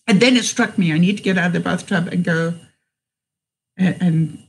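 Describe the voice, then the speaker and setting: A woman's voice: lowish voice, normal speed, low-quality recording. A middle-aged woman vlogger telling a personal story, hesitant, with many fillers and restarts.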